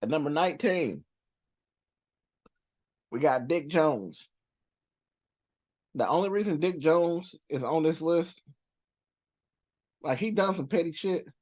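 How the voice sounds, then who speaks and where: Brief: male reaction-channel host, slightly higher voice, loose profane countdown banter with frequent laughs. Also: slow pace, pauses often. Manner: animated, laughing, profane slang. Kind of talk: casual countdown commentary.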